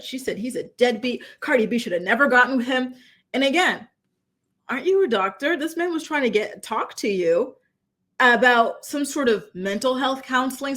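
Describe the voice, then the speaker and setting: Chatty woman, rhetorical, higher voice. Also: a bit bright. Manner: chatty, emphatic, rhetorical questions. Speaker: commentary channel host. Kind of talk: casual commentary to camera.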